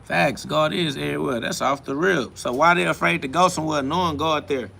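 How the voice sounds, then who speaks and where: A man hosts a livestream and preaches back at chat comments. His voice is gravelly and bright, set a little high for a man. He is defiant and repetitive and laughs often. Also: brisk. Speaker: livestream host. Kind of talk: live self-talk stream, reading and answering chat.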